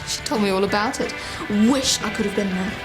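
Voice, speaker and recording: An actress playing a sharp-tongued young stepdaughter in a TV drama, taunting and cutting. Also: female voice, mid-range voice, fairly quick, close to an everyday voice. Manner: taunting and cutting, then frantic and remorseful. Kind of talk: television soap drama acting. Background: loud music.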